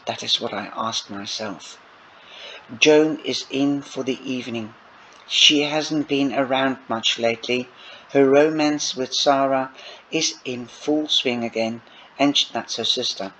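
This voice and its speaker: A man's voice: medium pitch, unhurried, a bit bright. A man reading a novel aloud and breaking off for chatty asides to his listeners, in a dull lo-fi recording. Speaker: audiobook reader. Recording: dull lo-fi recording with faint noise.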